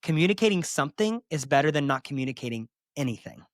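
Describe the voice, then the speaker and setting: A fairly high-voiced man hosts a solo podcast, speaking candidly and with emphasis. He drops sassy asides as he talks. The sound is dry and close. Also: sing-song, fast, no echo. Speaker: podcast host and therapist.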